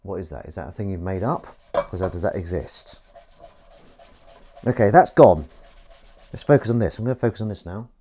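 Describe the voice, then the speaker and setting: Speaking in a low, warm voice, this man talks briskly but leaves long pauses, with slight noise in the background. He's a livestream host washing up pans at his sink, grumbling and swearing as he chats casually with viewers.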